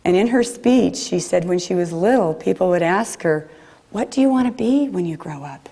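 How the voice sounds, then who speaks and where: A woman preacher giving a gentle, reflective sermon in a chapel. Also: on the low side, animated, normal speed, husky.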